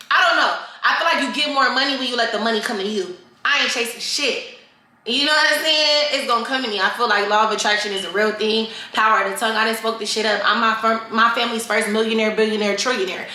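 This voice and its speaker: Casting note: young woman vlogger, bold and bright, unfiltered and chatty, recorded in a roomy space. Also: a little high. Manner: candid, profane, animated, addresses viewers as y'all. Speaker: vlogger answering fan questions. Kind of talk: casual Q&A chat to camera. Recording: echoey room.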